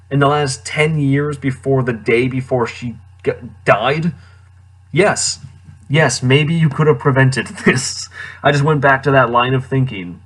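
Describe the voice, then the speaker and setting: A man's voice: mid-range voice, a bit bright. A man giving casual, sarcastic commentary on a movie he just watched, incredulous and laughing often. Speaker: movie reviewer.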